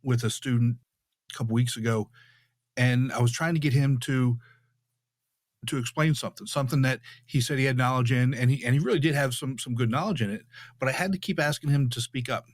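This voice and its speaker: A man's voice: medium pitch, brisk, dry recording, studio quality. Conversational male podcast host. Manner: conversational, with frequent restarts. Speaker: podcast host, public speaking coach. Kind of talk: casual podcast interview.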